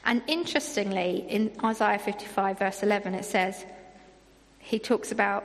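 A woman's voice: medium pitch, big-room sound. A woman preaching a sermon in an earnest manner, reading scripture aloud between her own remarks.

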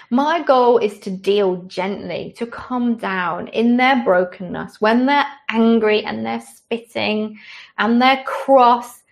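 A woman preacher delivering a sermon in an earnest, gentle, conversational way, ending in prayer. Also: fairly high pitch.

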